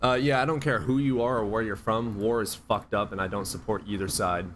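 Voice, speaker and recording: A man's voice: on the low side, fairly even intonation, fairly quick, fairly bright tone, a little hiss or hum. A man hosting a casual livestream chat, blunt and joking, swearing freely. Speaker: livestream host.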